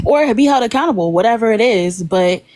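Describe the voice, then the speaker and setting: A woman's voice: on the high side, animated, fairly quick, a little mellow, no room sound. Woman, defensive, dismissive, casual talk, live-stream argument. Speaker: live-stream debate participant.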